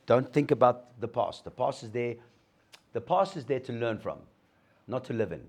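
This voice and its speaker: A man's voice: medium pitch, lively intonation, normal speed, darkish tone. A middle-aged man gives a motivational talk to an audience, telling his story and acting out the dialogue. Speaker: guest speaker sharing a recovery story.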